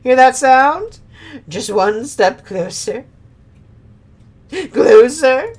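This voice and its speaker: A woman's voice: sits high, expressive, extremely slow, darkish tone, pitched above the performer's own voice, full character voice. A woman voicing a boastful, scheming male octopus villain in a game, taunting theatrically. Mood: gloating.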